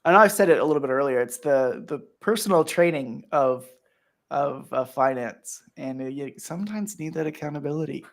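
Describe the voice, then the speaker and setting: A man's voice: fairly high pitch, normal speed. A man hosting a casual podcast chat, earnest and emotional, with many fillers and restarts. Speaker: host.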